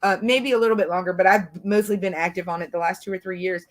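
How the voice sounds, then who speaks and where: A woman's voice: on the low side, steady tone, quick pace. Hesitant female defense attorney. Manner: hesitant, many fillers and restarts, laughs easily. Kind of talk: casual podcast conversation.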